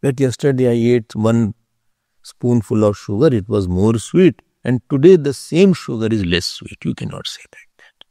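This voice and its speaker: A man teaching a philosophy class, explaining slowly, repeating key terms and checking whether his listeners follow. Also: medium pitch, expressive, warm tone, no room sound, studio quality. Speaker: spiritual teacher.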